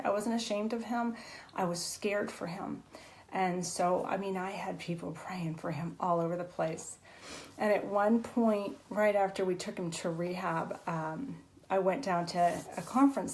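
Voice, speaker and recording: A woman's voice: medium pitch, darkish tone, poor audio. A woman author guest on a video call, earnestly sharing an emotional personal testimony, tearful at times, with many fillers and restarts.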